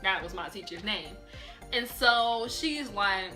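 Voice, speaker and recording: A young woman telling a personal story in a casual vlog, animated and emphatic, often repeating and restarting her words. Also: mid-range voice, slow, soft background music. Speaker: vlogger.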